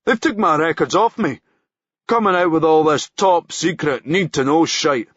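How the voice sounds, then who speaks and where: A man's voice: on the high side, moderate pace, a bit bright, no echo, muffled recording, voice pushed up. A man reading a novel aloud, voicing a harassed middle-aged police guard who grumbles in an exasperated way. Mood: grumbling.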